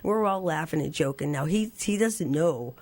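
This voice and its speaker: Telling a story as a radio show guest, a woman in her sixties laughs often and switches to a squeaky high voice to portray her younger self. She speaks at a moderate pace with lively intonation and a slightly mellow tone.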